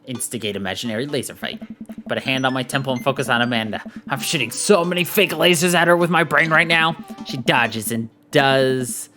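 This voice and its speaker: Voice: mid-range voice, a little fast, sharp tone. A game streamer reading a dating sim aloud with playful, jokey asides. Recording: faint background music.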